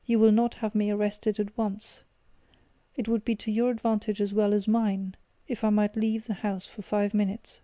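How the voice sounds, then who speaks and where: A woman's voice: medium pitch, flat delivery, normal speed, dark tone, no room sound, clean studio sound, natural voice. A woman voicing a proud young man who defiantly refuses to explain himself to his father. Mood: pleading. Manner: defiant, indignant.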